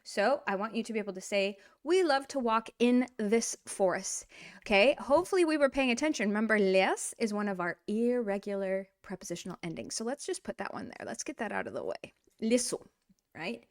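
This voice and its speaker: A woman's voice: mid-range voice, brisk. Playful woman teaching a language lesson. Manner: animated and playful, talks to the learner directly. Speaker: Russian teacher.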